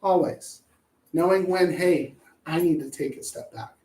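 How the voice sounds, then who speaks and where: A woman's voice: fairly low pitch, moderate pace, warm tone. A woman giving a casual talk on parenting. She is chatty and jokey, and she acts out little voices as she goes. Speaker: parenting educator. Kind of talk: casual presentation. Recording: echoey room, voice from a distance.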